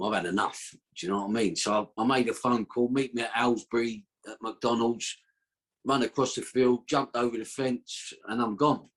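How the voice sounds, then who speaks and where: A man's voice: mid-range voice, a bit bright. A man telling a long story as a podcast guest, rambling and slangy, with a streetwise way of talking. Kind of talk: casual storytelling.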